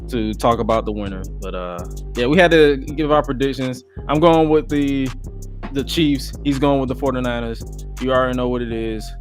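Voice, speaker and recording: A man's voice: medium pitch, moderate pace, soft background music. A man hosting a podcast in a laid-back, blunt casual chat, using plenty of slang. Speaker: podcast host.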